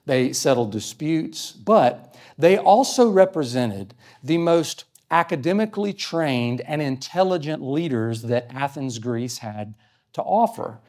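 An earnest male preacher teaching from scripture, his voice sitting at an ordinary middle pitch. He explains each point patiently and reads verses aloud in a sermon style. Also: animated, unhurried, a little mellow. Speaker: pastor.

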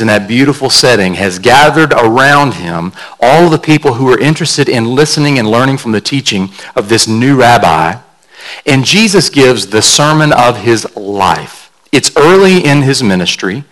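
A man's voice: mid-range voice, expressive, moderate pace, fairly bright tone, rough recording. A man pastor delivering a sermon in a conversational, storytelling way, carefully explaining word meanings like a teacher.

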